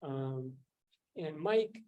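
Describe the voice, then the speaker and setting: An older man, a scientist, recounting his student years in a relaxed, rambling way, with many fillers and restarts. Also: on the high side, drawn-out words, low-quality recording. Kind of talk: casual storytelling.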